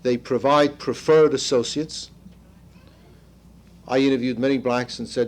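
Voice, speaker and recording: A man's voice: mid-range voice, normal speed, darkish tone. An older man leading a seminar in a conversational lecture style. He tells stories, drops in asides and "you see", and quizzes the group. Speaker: seminar leader.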